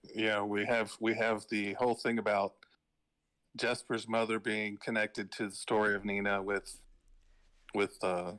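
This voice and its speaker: A man's voice: lowish voice, level tone, measured pace, fairly bright tone, poor audio. A man joining a casual book discussion, speaking hesitantly with fillers. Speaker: book club participant.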